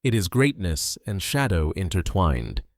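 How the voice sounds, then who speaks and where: A man narrating a scripted sleep documentary in a calm, measured, unhurried way. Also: low-pitched, no echo, studio quality.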